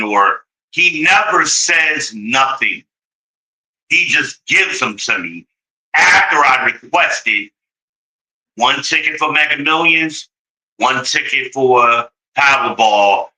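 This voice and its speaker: A man's voice: mid-range voice, sharp tone, rough recording. A man venting to his viewers in a heated story, exasperated and swearing freely, with sudden mocking outbursts.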